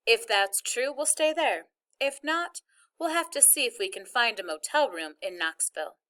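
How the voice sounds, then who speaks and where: A practical, organized mother walks through the plans in a steady, matter-of-fact voice, as a woman reading a novel aloud voices her. The tone is bright and sits fairly high. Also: moderate pace.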